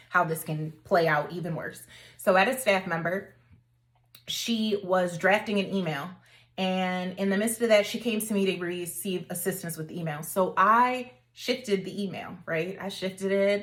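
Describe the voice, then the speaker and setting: A woman talks straight to her viewers in a casual vlog. Her voice sits a little low, and she stays animated and conversational, calling them y'all. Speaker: dating vlogger. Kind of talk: casual talk to camera.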